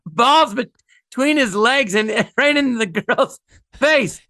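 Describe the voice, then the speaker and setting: A man's voice: extremely high pitch, animated, slow, pushed and bright, no echo, studio quality. A man telling rambling, funny anecdotes as a guest, often laughing at his own stories. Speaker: guest storyteller.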